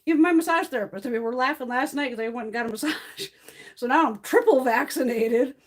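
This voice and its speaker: A woman's voice: high-pitched, fast talker. A middle-aged woman hosting a makeup live stream, telling blunt, heavily profane stories and laughing through them in casual chat.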